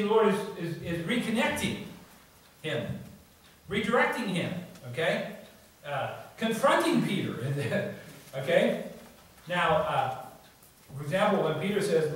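In a church sanctuary, a male pastor with a slightly high voice preaches a very animated, conversational sermon at a measured pace, pausing often and frequently adding "you see" and "okay?". The recording is very echoey, with a distant mic and faint noise.

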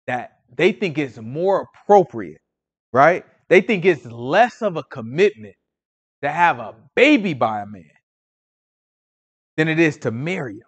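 A man leading an informal Bible study, animated and preachy with a slangy, conversational way of talking. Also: on the high side. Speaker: Bible teacher.

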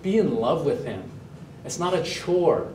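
A male pastor preaching a sermon, animated, asking the congregation and online viewers questions. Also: a little high, a little slow, a little hiss or hum. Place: church sanctuary, also streamed online. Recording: roomy echo, mic at a distance.

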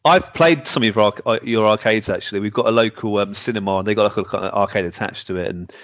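A man's voice: fairly low pitch, quick pace, a bit bright, dry recording, highs cut off. A man hosting a podcast, asking questions in an enthusiastic, chatty way. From England. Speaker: podcast host. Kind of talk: casual interview questions.

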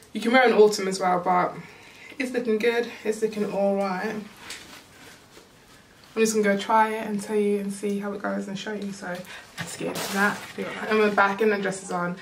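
A young woman from the UK chatting casually through a clothing try-on haul at home, rambling and playful. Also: medium pitch. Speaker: fashion vlogger. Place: room at home. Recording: distant camera mic with background noise.

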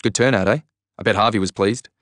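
A man's voice: fairly low pitch, quick pace, fairly bright tone, no room sound, studio quality, natural voice. A man voicing an eager, hopeful middle-aged father in an audiobook. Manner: eager, upbeat, pressing on.

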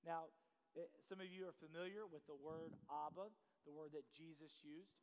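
A man preaching a sermon as pastor, asking the congregation questions and building to shouts. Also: on the high side, steady tone, normal speed, clear, resonant tone, big-room sound. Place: church sanctuary.

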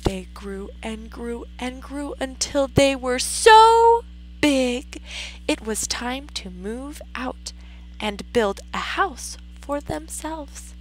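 Slow, animated woman teacher reading aloud. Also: high voice, slight background noise, poor audio. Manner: animated, slow and expressive, asks the class questions. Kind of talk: reading a story aloud to a class.

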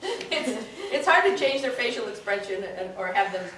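A woman's voice: fairly high pitch, very animated, moderate pace. A woman puppeteer guiding children through a puppet activity, talking playfully and often laughing. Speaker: puppeteer leading a children's workshop. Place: indoor puppet exhibit room. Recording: echoey room, far from mic, background noise.

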